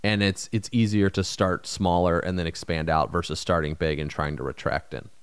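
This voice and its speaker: A man in his thirties co-hosting a podcast, talking casually and giving advice with quick asides. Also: low-pitched, fairly even intonation, smooth, dry recording. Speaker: podcast co-host. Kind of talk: casual chat.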